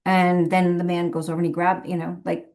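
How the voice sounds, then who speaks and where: A woman's voice: lowish voice, flat delivery, a little fast, a little mellow. A woman who works as a medium, telling a rambling story in a casual, chatty way and laughing often between phrases. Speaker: professional medium.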